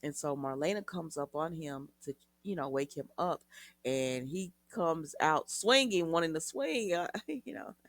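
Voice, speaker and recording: A woman's voice: sits low, lively intonation, a little slow, dry recording. A woman recapping a soap opera episode in a chatty way, retelling scenes with quoted lines and asides to her viewers.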